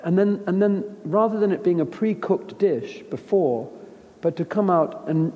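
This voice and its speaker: A middle-aged man talks about his acting craft in a rambling, reflective way, circling back and restarting his thoughts. His voice sits fairly high and has a mellow, warm tone. The recording carries a long, lingering reverb. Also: expressive, moderate pace, muffled recording. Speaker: actor. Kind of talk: casual interview talk.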